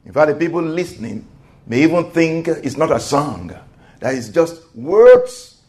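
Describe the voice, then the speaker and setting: Male preacher, high-pitched, emphatic sermon delivery with loud peaks. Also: very animated, unhurried. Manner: emphatic, swells to loud exclamations, calls for amen.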